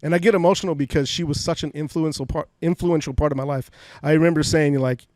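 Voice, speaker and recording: Speaking fast with hardly any pauses, a man in his forties from Fresno, California, recounts emotional personal stories as a podcast guest, frequently repeating words. His pitch runs high, his intonation fairly even, and his tone darkish. It's a personal storytelling interview, recorded dry through a podcast studio mic.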